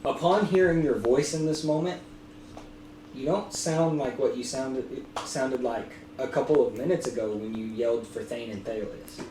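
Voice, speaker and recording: A man's voice: medium pitch, normal speed. Man narrating a tabletop game. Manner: relaxed narration with many ums. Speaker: dungeon master. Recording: echoey room, distant mic, noisy.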